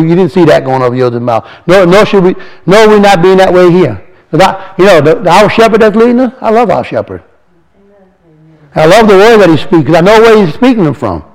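A man giving an informal, earnest sermon to a congregation as a lay speaker, reading scripture slowly and putting questions to the listeners. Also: sits high, lively intonation, darkish tone, low-quality recording. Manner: earnest and exhorting, reads verses slowly, asks the audience questions.

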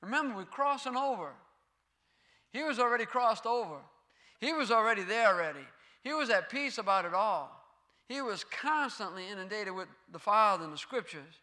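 A man's voice: sits high, lively intonation, moderate pace, sharp tone. A man preaching a sermon and reading scripture aloud. He asks his listeners rhetorical questions, repeats key phrases and uses Hebrew terms.

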